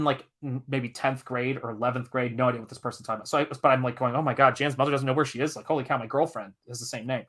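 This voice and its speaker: Here a comic artist from Tennessee, in the Southern United States, hosts a live stream with a mid-range voice. He talks casually, reads chat messages out loud, and tells a spirited, emphatic story with the odd curse when he's riled up.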